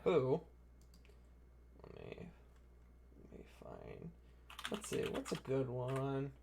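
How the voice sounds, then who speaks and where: A man's voice: mid-range voice, wildly swooping pitch, slow, creaky, very noisy. Man rambling through tabletop narration. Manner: loose, rambling narration with restarts. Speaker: game master.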